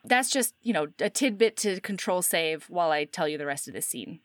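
Animated woman recapping a story. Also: on the low side, fairly quick, dry recording. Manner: animated storytelling with frequent "like", acting out quotes. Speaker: podcast co-host. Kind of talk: casual chat, book recap.

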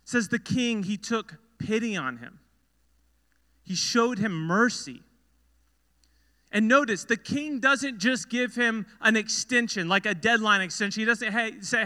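High bright-voiced young preacher in hall. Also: male voice, a little slow. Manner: earnest storytelling preacher, emphatic repetitions. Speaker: youth pastor. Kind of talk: sermon. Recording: long hall reverb.

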